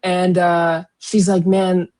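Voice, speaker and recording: A young woman with a fairly low voice co-hosts a casual book podcast. She retells the plot in an animated, rambling way, padding her sentences with fillers and giggles. Her delivery is relaxed and conversational. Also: unhurried. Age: young adult. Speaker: podcast co-host.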